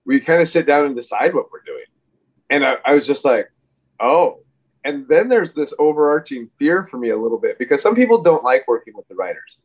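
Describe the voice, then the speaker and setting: Man in his forties, mid-pitched, rambling interview guest, slightly muffled audio. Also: sing-song, fast talker. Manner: rambling, full of fillers and restarts. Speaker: podcast guest, wrestler. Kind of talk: casual interview chat.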